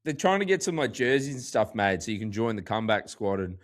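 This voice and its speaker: A man with an Australian accent, co-hosting a podcast in casual chat, full of "like" and animated storytelling. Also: fairly low pitch, fast talker. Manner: chatty, heavy use of "like", animated storytelling. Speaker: podcast co-host.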